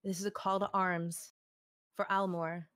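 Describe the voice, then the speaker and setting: A woman doing a grave, low-voiced male rider. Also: flat delivery, unhurried, fairly bright tone, no echo, studio quality, close to an everyday voice. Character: gruff male rider recruiting soldiers for a cause.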